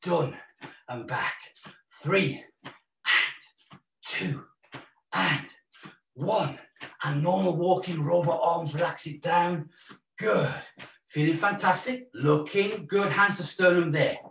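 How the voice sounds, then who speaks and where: A Welsh man coaches a live exercise class with cheerful, joking encouragement, counting steps and calling out breaths. His voice sits fairly high for a man. The sound is roomy and picked up from a distance. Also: takes it slowly, long pauses, a bit bright, a little hiss or hum. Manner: upbeat, encouraging, jokey, counting out moves. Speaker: fitness instructor. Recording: roomy echo, mic at a distance.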